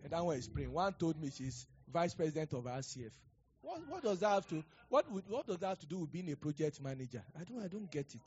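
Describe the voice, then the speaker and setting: A male pastor preaching a sermon, animated and acting out conversations, rising to loud declarations. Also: a little high, quick pace, lo-fi sound. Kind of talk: sermon with prophecy and storytelling.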